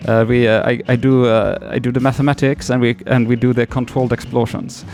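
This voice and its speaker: A middle-aged demolition expert, friendly but guarded, speaks in halting English with a heavy foreign accent, as a man puts him on. His voice sits a little higher than a low speaking voice, and he stumbles over his words. Guitar music plays clearly behind him. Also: level tone, darkish tone, natural voice. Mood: matter-of-fact. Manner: earnest, stumbling restarts.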